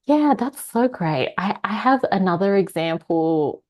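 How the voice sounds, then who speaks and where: A woman's voice: mid-range voice, lively intonation, measured pace, darkish tone. A woman psychologist, a guest on a podcast, speaking in a thoughtful, reflective way. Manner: thoughtful, reflective, laughs while telling stories. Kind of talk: casual podcast conversation.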